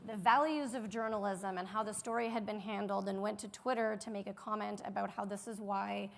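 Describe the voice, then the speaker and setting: A woman's voice: medium pitch, steady tone, a little fast, creaky. A woman moderating a conference panel, building up thoughtful questions.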